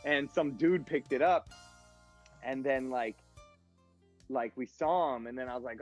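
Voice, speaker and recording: A man's voice: medium pitch, a little slow, long pauses, faint music behind. A man, a guest DJ, telling stories in a rambling, casual way, filling his speech with "like". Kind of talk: casual storytelling.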